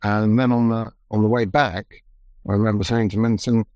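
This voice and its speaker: A man who led an expedition, recounting events in a measured, reflective, halting way during a conversation. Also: lowish voice, flat delivery, a little mellow, no room sound. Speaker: expedition leader.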